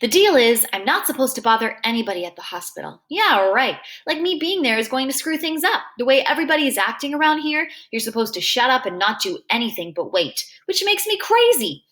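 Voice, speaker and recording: A woman's voice: fairly high pitch, sing-song, quick pace, hardly any pauses, fairly bright tone. A woman reading a novel aloud in a plain, conversational first-person telling. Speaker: reader.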